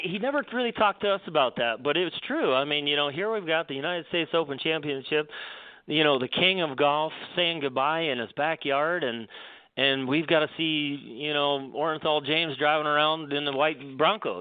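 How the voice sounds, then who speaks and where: A male golf professional, a guest, telling stories in a rambling, animated way with many restarts. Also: fairly high pitch, clear, resonant tone, dry recording. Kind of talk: storytelling on a radio show. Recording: dry phone line.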